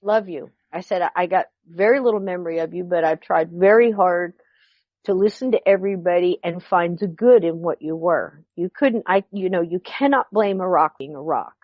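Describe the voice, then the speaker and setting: A woman's voice: fairly low pitch, normal speed, no echo. A middle-aged woman guest telling a personal story, acting out the dialogue as she goes. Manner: animated, acts out quoted dialogue. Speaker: podcast guest. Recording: dull lo-fi recording.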